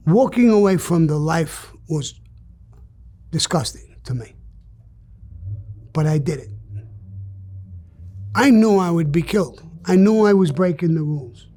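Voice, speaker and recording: An older man speaks in a notably high voice, recounting his past in a candid interview. He is blunt and profane, and he hits his points with emphatic bursts. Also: lively intonation, unhurried, long pauses, mellow.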